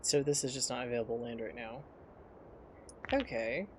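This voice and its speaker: A man's voice: mid-range voice, moderate pace, a little hiss or hum. Man streamer thinking aloud over gameplay. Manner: rambling, thinking aloud while playing. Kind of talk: casual live gameplay commentary.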